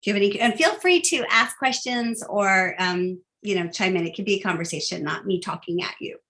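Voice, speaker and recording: A woman's voice: medium pitch, fairly quick, a bit bright. A woman giving a casual, upbeat phone-skills training talk, chatty and full of fillers.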